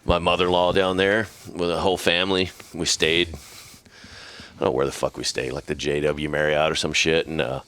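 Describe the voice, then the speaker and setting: A man's voice: extremely low pitch, level tone, moderate pace, fairly bright tone. A man co-hosting a podcast, telling rambling, profanity-laced anecdotes in casual chat.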